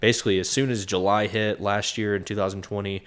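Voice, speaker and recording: A man with a deep, low voice that comes out nasal and congested from a stuffy nose. He talks in a relaxed podcast chat, giving plain practical advice as a co-host. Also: a little fast. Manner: plainspoken, advisory. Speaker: co-host, property manager. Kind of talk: casual business podcast chat.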